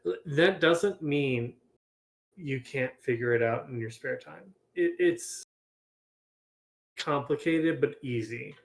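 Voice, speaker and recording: A man chats loosely in a group voice call, stumbling and restarting as he explains, hiccuping now and then. His voice sits at an ordinary middle pitch for a man. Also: slow, gravelly, long pauses. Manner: rambling, restarts often, hiccuping. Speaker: game developer, 3D modeler. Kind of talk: casual voice chat.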